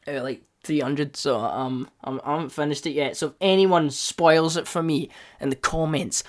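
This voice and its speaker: A young man hosting a casual solo review podcast, excitable and rambling, with his voice leaping up in pitch and loudness when he gets worked up. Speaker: podcast host.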